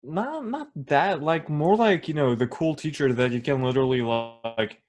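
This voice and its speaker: Young man, podcast co-host, casual banter, easygoing, mid pitch. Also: normal speed, a little mellow. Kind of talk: casual chat.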